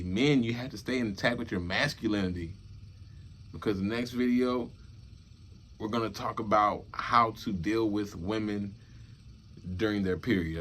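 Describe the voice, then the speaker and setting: Young man, low voice, casual rambling vlog, repetitive, loud bursts of emphasis, faint background hiss. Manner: loose, repetitive, swings between low murmur and loud laughing emphasis. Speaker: vlogger.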